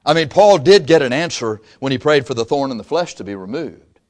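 A man's voice: mid-range voice, animated, brisk, darkish tone. A male preacher giving an impassioned sermon, telling the story and acting out the voices of its figures.

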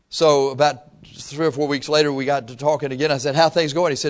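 A man's voice: on the high side, fairly even intonation, quick pace. A male pastor preaching a conversational sermon in a church, telling stories and acting out little exchanges of dialogue. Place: church sanctuary.

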